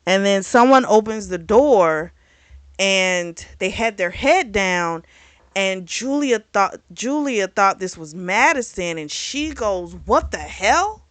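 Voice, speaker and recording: A woman reviewing a book in casual chat, retelling the plot in a chatty, animated way. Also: mid-range voice, slow, smooth, dry recording. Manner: chatty, animated retelling with acted quotes and laughs.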